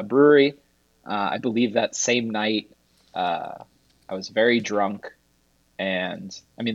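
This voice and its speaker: A man's voice: lowish voice, creaky, no echo, highs cut off. A man telling rambling stories in a casual podcast chat as a guest, laughing at his own tales.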